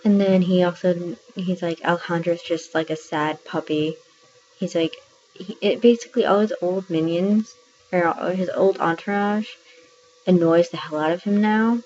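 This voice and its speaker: A woman's voice: on the low side, steady tone, moderate pace, darkish tone. A woman casually reviewing a book, retelling scenes in a chatty way with plenty of fillers. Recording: dull lo-fi audio with faint noise.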